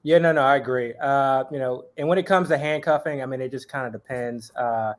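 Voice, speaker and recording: A man's voice: mid-range voice, fairly quick. A man as an interview guest in casual chat, talking in long rambling runs full of fillers.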